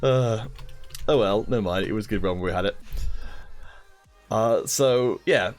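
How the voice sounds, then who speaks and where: A British man co-hosting a casual stream, joking and quick to laugh. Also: fairly low pitch, faint music behind. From Britain. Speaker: co-host. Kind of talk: casual chat.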